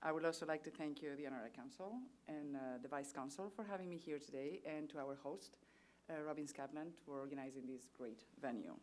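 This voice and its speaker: A woman's voice: deep voice, brisk, darkish tone, a little hiss or hum. A woman from Spain with a Spanish accent and Spanish as her first language, giving formal, earnest prepared remarks as a trade official at a seminar and reciting statistics. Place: seminar venue.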